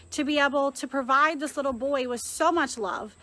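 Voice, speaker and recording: Woman, 30s, high voice, crisp bright tone, earnest, reflective, phone vlog. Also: moderate pace, rough recording. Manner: earnest, reflective, full of fillers. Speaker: mother sharing her story. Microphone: phone held in hand.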